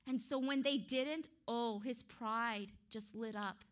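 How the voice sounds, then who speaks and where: A woman delivering an earnest, emphatic sermon. Her voice sits high and sounds bright and forceful. She often stops to correct herself with a light, self-conscious laugh. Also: normal speed, few pauses. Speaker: preacher.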